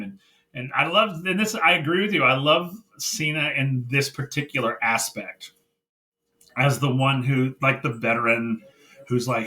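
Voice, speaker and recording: A man co-hosting a wrestling review podcast, chatting casually and retelling scenes in animated, excited bursts. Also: medium pitch, moderate pace, poor audio. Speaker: podcast co-host.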